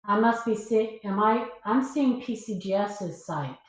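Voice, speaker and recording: A woman on a livestream panel over a video call, reacting with quick exclamations and questions. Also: medium pitch, animated. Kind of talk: casual livestream chat. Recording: very echoey room.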